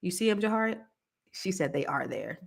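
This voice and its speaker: A woman's voice: fairly low pitch, big pitch swings, brisk, gravelly, breathy edge. A woman hosting a casual livestream chat, reading viewer comments and talking bluntly, with cursing and heated rants. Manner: blunt and profane, swings between mumbling and heated ranting; reads viewer comments aloud. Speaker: host.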